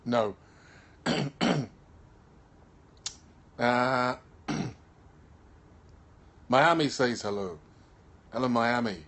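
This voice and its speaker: Tired man clearing his throat. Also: medium pitch, extremely slow, long pauses, fairly bright tone. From Birmingham, England. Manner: laid-back, keeps clearing his throat, trails off with ums. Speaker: actor. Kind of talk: casual live-stream chat, reading viewer comments. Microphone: phone held in hand.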